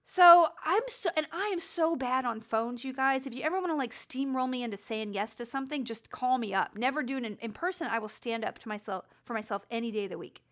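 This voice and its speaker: A woman's voice: on the high side, a little fast, few pauses, fairly bright tone. A woman hosting a podcast, telling a rambling, self-deprecating story with lots of restarts. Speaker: podcast host. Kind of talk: casual storytelling monologue.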